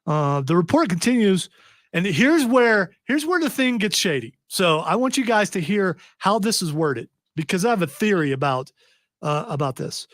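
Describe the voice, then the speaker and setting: A man's voice: high-pitched, very animated, normal speed, a bit bright, no room sound, clean studio sound. A man hosting a casual podcast, reading a news story aloud with wry, joking asides. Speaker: podcast host.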